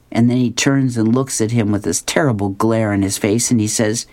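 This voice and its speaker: A woman's voice: a bass voice, steady tone, brisk, hardly any pauses, warm tone. A woman radio host reading comic strips aloud, chuckling as she goes.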